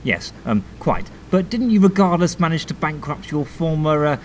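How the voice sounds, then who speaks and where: An actor playing a fussy, formal investigative journalist interviewing and narrating in a mockumentary. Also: male voice, on the high side, very animated, moderate pace, slight background noise. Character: posh prim investigative documentary interviewer. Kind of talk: mockumentary comedy.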